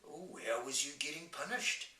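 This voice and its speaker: A huge soft-hearted giant , as a man reads him aloud, speaking in a slow, lifted drawl and tangled grammar from a storybook. The voice sounds bright and roomy, picked up from a distance with faint hiss behind it. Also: on the high side, pitched above the performer's own voice. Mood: indignant, tearful. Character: kindly huge male giant, tender and easily moved.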